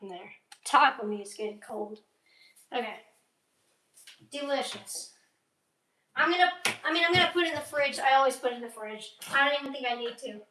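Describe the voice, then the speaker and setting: A young woman with a high voice chats on a casual livestream. She rambles and mutters to herself while she cooks and eats, swearing offhand. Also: expressive, normal speed, pauses often, echoey room, distant mic, noisy background. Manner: rambling, talks to herself while cooking and eating. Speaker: streamer.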